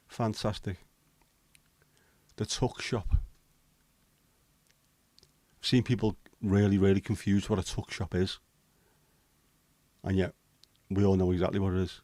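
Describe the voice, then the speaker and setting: Chatty man, low voice. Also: fairly even intonation, moderate pace, pauses often, darkish tone, no room sound. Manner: chatty, swears casually, banters with viewers. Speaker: livestream host. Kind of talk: casual chat reading viewer comments.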